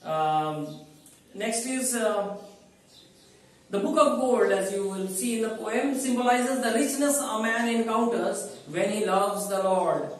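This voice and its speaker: A man's voice: high-pitched, slow pace, far from the mic. A man, teaching a poem line by line in an explanatory, repetitive way. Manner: explanatory, repetitive, stressing key words. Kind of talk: line-by-line poetry lecture. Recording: echoey room, voice from the mic.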